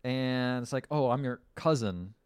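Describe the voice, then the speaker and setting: A man's voice: mid-range voice, unhurried, clean tone, no room sound. A man casually recapping a film on a podcast, acting out the characters' lines. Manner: acts out quoted lines with lively swings and laughs. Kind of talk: casual chat.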